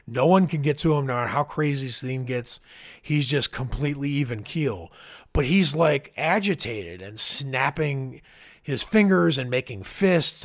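A man on a podcast, casually retelling a film's plot with lively energy and lots of "like". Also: medium pitch. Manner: animated storyteller, acts out quoted lines, frequent "like". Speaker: podcast co-host. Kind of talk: casual film discussion.

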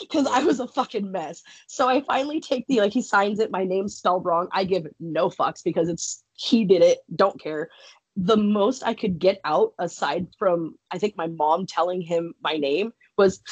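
A young woman talks casually on a podcast, swearing freely and breaking into laughs as she tells her story. Her voice is husky and slightly breathy. It is recorded close and dry, with no room sound. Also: medium pitch, measured pace, dry recording. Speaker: podcast guest, wrestler.

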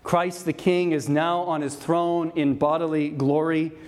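A male pastor delivering an evening sermon in a slightly higher-than-usual voice. He preaches with earnest emphasis and returns to key phrases again and again to drive his points home. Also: flat delivery, measured pace, darkish tone.

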